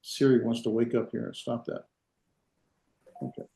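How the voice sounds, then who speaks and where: A man teaching a classroom lesson, halting with fillers and restarts, with dry asides. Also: mid-range voice, steady tone, creaky, mellow. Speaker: Hebrew teacher. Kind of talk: classroom lecture. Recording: echoey classroom.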